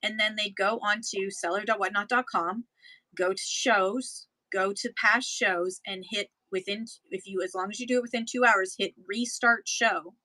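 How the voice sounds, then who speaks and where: A woman's voice: medium pitch, fairly even intonation, moderate pace, bright, forceful tone, no echo, poor audio. A woman from Canada, co-hosting a casual chat about livestream selling, explaining in a rambling, self-correcting way. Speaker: livestream seller and co-host.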